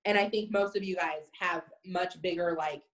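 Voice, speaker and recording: A woman's voice: lowish voice, fairly even intonation, normal speed, rough recording. A woman in her thirties, a sales team leader, giving a chatty, casual live-stream pep talk and reading viewer comments aloud.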